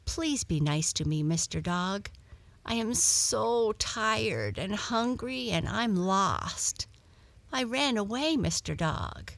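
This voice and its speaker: A woman's voice: mid-range voice, lively intonation, slow pace, creaky, a bit bright, dry recording, voice pushed up, heavily acted. A woman voicing a small, timid female cat who is tired and hungry, speaking in a pleading, earnest way.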